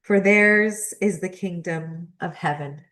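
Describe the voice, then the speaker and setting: A woman's voice: fairly low pitch, takes it slowly, a bit bright. A young adult woman who hosts a spiritual astrology channel. She reads a spiritual text aloud and reflects on it, emotional and choked up, laughing between passages.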